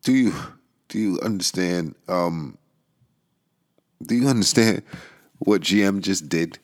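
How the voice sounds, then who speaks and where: A man's voice: low voice, takes it slowly. A man giving a casual, laid-back commentary monologue, a little stoned with a dry mouth, full of fillers, chuckles and bursts of disbelief.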